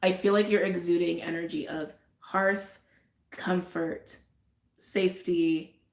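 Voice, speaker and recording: Woman, low-ish voice, effusive tarot reader repeating herself, echoey room. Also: fairly even intonation, takes it slowly, vocal fry. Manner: effusive, repeats phrases, drifts into soft trailing asides. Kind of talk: intuitive reading to camera, casual chat.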